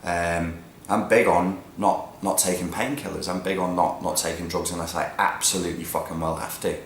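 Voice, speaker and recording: A man ranting bluntly in a monologue, swearing freely and swinging from low mutters to loud, emphatic peaks. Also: steady tone, moderate pace. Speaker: vlogger giving opinions. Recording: roomy echo with faint background noise.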